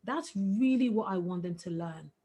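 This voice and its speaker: A woman's voice: medium pitch, lively intonation, normal speed, warm tone, breathy edge. A middle-aged woman, a webinar guest speaker, giving parenting advice in an earnest, emphatic way. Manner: earnest, emphatic, breaks into laughter.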